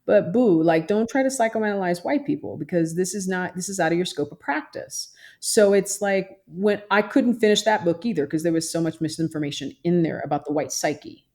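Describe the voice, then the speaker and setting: A woman's voice: on the low side, a little fast, hardly any pauses, a little mellow. A woman therapist talking emphatically in a podcast interview, often mimicking other people's voices. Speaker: therapist and social worker guest.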